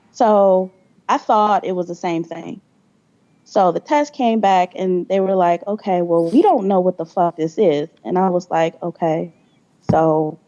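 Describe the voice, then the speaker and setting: Young woman, podcast guest, blunt and profane, mellow dark voice, dull lo-fi audio. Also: fairly low pitch. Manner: blunt, profane, acts out quoted dialogue. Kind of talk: candid storytelling interview.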